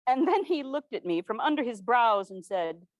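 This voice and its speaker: A woman's voice: fairly high pitch, sing-song, dry recording. A woman portraying an earnest 1860s governor's widow. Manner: formal, measured period diction. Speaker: living historian. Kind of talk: first-person historical portrayal.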